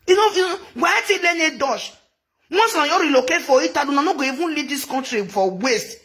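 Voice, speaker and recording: A woman's voice: sits high, lively intonation, fairly quick, a bit bright. A Nigerian woman giving rambling, chatty gossip commentary into her phone, mixing in local phrases and laughing often. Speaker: social media commentator.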